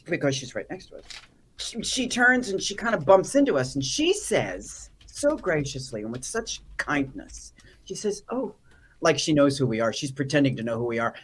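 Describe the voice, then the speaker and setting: A woman guest in a casual interview, telling funny stories with animated delivery and acted-out quotes. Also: sits low, normal speed, breathy edge. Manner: animated, comic storyteller who acts out quotes. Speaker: actor and activist guest.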